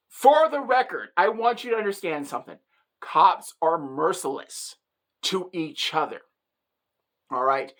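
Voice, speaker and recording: A woman vlogger telling a comic story in an animated, emphatic, joking way. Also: medium pitch, a little slow.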